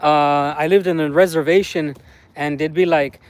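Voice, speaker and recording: High-voiced man rambling on a live stream. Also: fairly even intonation, moderate pace. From United States. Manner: chatty and rambling, often ends phrases with "man". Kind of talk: casual live stream chat. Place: outdoors in a small town.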